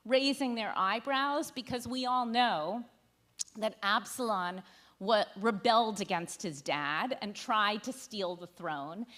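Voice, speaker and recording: In a synagogue sanctuary, a woman rabbi with a slightly high, somewhat bright voice leads a sermon text study. She speaks conversationally, making wry asides to the congregation and dramatizing the lines she quotes.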